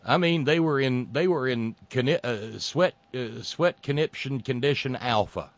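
A man hosting a sarcastic political commentary monologue, mocking and meandering with frequent pauses and restarts. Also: mid-range voice, dry recording.

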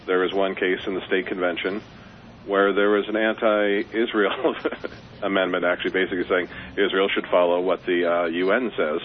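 With a low-pitched, flat delivery at a moderate pace, a male caller from Colorado argues earnestly and persuasively on a radio phone-in, using some fillers. The phone line is tinny and carries a faint hiss.

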